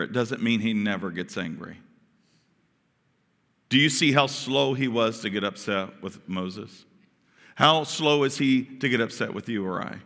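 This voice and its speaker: Pastor preaching in an echoing hall. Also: male voice, medium pitch, gravelly, fairly bright tone. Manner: conversational, asks the congregation questions. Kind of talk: sermon. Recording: long church hall reverb.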